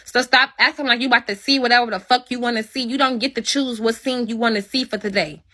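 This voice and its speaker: A woman's voice: fairly high pitch, fairly even intonation, fast, pushed and bright. A woman hosting her own livestream and ranting at her viewers, blunt and heavy with swearing. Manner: blunt, profane, confrontational. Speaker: livestream host. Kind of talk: angry livestream rant.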